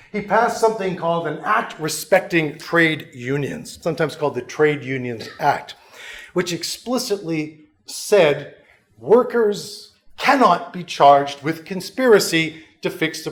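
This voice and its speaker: Middle-aged male professor, lecturing casually with dry jokes; voice sits a bit high. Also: sing-song, unhurried, fairly bright tone. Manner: conversational, wry and self-mocking asides. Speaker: history professor, guest lecturer. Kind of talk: lecture to a union school.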